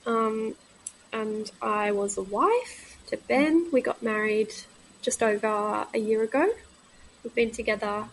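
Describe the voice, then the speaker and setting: A woman in her thirties talks frankly as a podcast guest, a little high in pitch. She pauses often and fills the gaps with soft ums. A faint hiss sits under her voice. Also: poor audio. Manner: halting, frank, many pauses and fillers. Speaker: guest, midwife. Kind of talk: candid podcast conversation.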